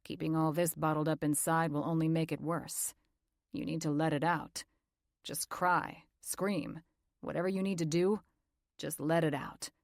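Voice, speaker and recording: A woman voicing a young male actor who soothes and teases his co-star in a slightly lowered voice. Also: steady tone, unhurried, dry recording, studio quality. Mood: soothing. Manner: soothing, teasing. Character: teasing, gentle male actor, young adult.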